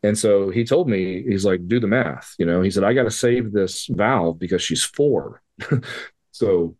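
A darkish-toned man with a voice on the low side speaks at a measured pace. A guest on a podcast, he recounts a personal story in casual, profane language, performing the dialogue with quoted voices in a conversational storytelling way.

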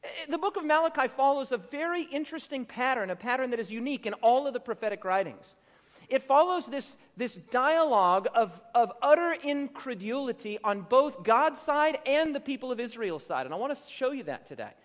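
A man preaching a sermon as pastor, building emphasis through repeated phrases and stretching out his quotations slowly. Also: very high voice, lively intonation. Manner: preaching with rising emphatic repetition; slow drawn-out quotations. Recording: reverberant hall.

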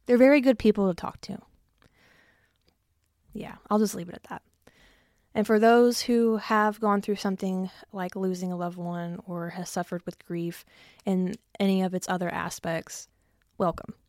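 In a steady, slightly mellow mid-range voice at a moderate pace, a young adult podcast host chats alone from her home basement. She mocks herself, swears liberally and sounds breathless, and the studio-quality recording is dry.

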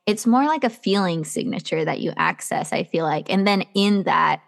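A woman's voice: lowish voice, animated, normal speed, vocal fry. Earnest woman coach on a podcast. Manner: earnest and encouraging, many "like" fillers. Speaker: manifestation and self-love coach, guest. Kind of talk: casual podcast chat.

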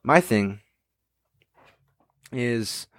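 A man's voice: mid-range voice, lively intonation, very slow, fairly bright tone, no room sound, clean studio sound. A young man hosting a podcast, reading a comic aloud and chatting casually about it with fillers and crude asides. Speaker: podcast host.

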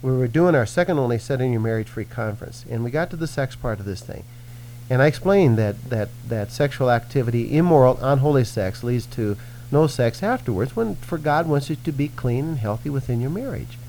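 Here a Christian minister teaches in a radio-style conversation, his medium-pitched voice brisk and earnest. He preaches with animation and acts out quoted voices, and there's a bit of hiss or hum on the rough recording.

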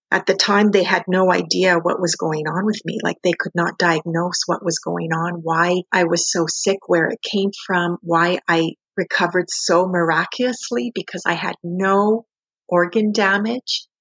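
A woman with a low, husky voice tells her story earnestly and reflectively. She speaks as an interview guest and often pauses on "like." Her tone stays low and breathy throughout. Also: steady tone, fairly bright tone. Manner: earnest, reflective, many "like" fillers.

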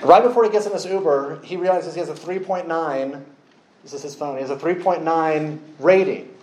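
A man preaching a sermon, telling a story with lively acted-out quotes. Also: on the high side, moderate pace, roomy sound, rough recording. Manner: animated storytelling, acts out quoted voices.

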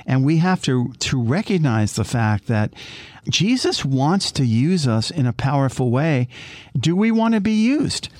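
A man's voice: medium pitch, very animated, measured pace, a little mellow, no room sound. A man co-hosting a faith conversation, exhorting listeners with emphatic rhetorical questions. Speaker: co-host.

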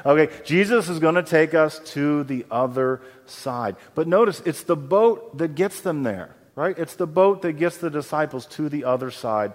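A pastor preaching with hall reverb. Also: male voice, fairly high pitch, normal speed. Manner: animated storytelling, acts out quoted voices. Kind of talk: sermon.

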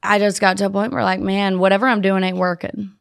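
A woman's voice: medium pitch, steady tone, fast talker, gravelly, clear, resonant tone, no room sound, clean studio sound. A woman from Tennessee, speaking frankly and casually as a podcast guest. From Tennessee, USA. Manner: frank, casual, sprinkles in mild swearing. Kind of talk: candid conversational interview.

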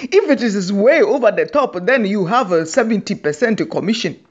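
A woman's voice: medium pitch, animated, moderate pace, slightly rough. A woman from Africa, giving a teasing satirical comedy monologue and laughing often. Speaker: comedy host. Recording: dull lo-fi recording.

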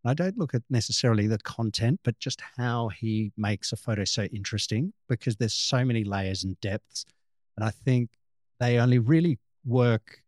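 A man's voice: fairly low pitch, darkish tone, no room sound, clean studio sound. A man being interviewed as a photographer, speaking casually and thinking aloud as he explains his ideas. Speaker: photographer guest.

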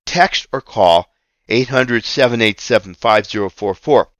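A man's voice: mid-range voice, measured pace, fairly bright tone, no echo. A man hosting a Christian radio talk show, preaching in an emphatic way and repeating key phrases. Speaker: radio ministry host.

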